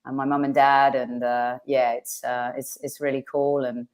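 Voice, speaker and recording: A woman with a low voice that has gone slightly hoarse joins a podcast as a guest on a video call. She talks warmly and chattily through her device's built-in mic. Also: little pitch movement, moderate pace. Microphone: no proper mic, device mic on a video call.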